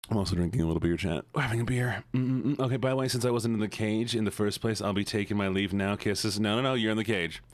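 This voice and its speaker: A man's voice: fairly low pitch, fast talker, hardly any pauses, no echo. A man streaming live and chatting casually with his chat, playful, with mumbled hums between lines.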